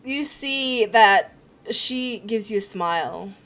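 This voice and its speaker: A woman running a tabletop role-playing game, narrating scenes in a giggly, halting way with many fillers. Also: mid-range voice, lively intonation, fairly bright tone. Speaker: game master.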